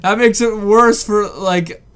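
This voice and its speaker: A young man comments casually on a video, incredulous and rambling, with frequent restarts and repeated questions. His voice sits a bit high for a man. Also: fairly even intonation, takes it slowly, heavy background noise.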